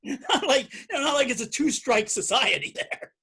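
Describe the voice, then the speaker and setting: A man in a casual band chat, throwing in quick joking wisecracks. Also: very high-pitched, animated, pushed and bright, husky. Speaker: band member.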